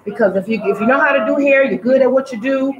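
Brief: bubbly woman hairstylist hosting a live stream, a bit high, in an echoey salon with background noise. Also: quick pace, muffled recording, crowd noise. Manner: exuberant, calls viewers honey and baby, playful sound effects. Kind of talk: lively live-stream chat. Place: hair salon, indoors.

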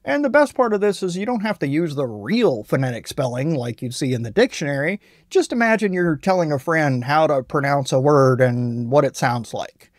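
A man walks through a software tutorial in a plain, self-deprecating voice-over. His voice sits a little high, and the recording is dry and close with no room sound. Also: animated, moderate pace, few pauses, dry recording. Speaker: tutorial host.

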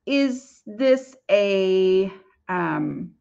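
A woman's voice: mid-range voice, lively intonation, drawn-out words, gravelly, a little mellow, lo-fi sound. A woman hosting a casual live Q&A and answering viewer questions, talking in a chatty, rambling way with many fillers and restarts.

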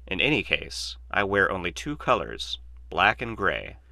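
A man's voice: sits low, huge pitch swings, measured pace, creaky, bright, forceful tone, no echo, full character voice. A man voicing a glib, opinionated male mathematician in a dry, lecturing, sardonic manner, read as an audiobook. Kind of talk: audiobook reading.

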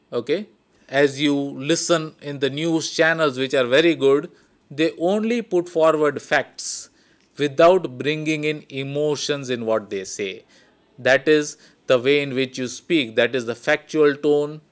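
A man with an Indian English accent, giving a recorded lecture that explains points step by step and often checks in with "okay". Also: medium pitch. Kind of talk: recorded lecture on communication skills.

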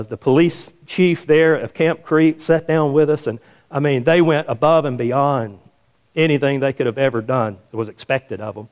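Preaching from a church sanctuary, a pastor weaves a story into his sermon and performs its quoted voices in a higher pitch.

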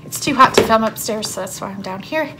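A woman's voice: fairly high pitch, animated, a little fast, heavy background noise. A woman giving a casual tarot card reading for her channel, chatting in a rambling way with lots of fillers. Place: her home, downstairs.

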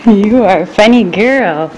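A woman's voice: mid-range voice, lively intonation, takes it slowly, a little mellow, slight background noise. A woman filming her toddler at home, coaxing and praising her in a sing-song baby-talk voice and laughing often.

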